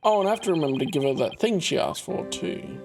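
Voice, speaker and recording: A streamer plays a game while chatting casually, reading its text aloud and tossing in wry comments over background music. Her low, gravelly voice is expressive and quick in this let's-play commentary.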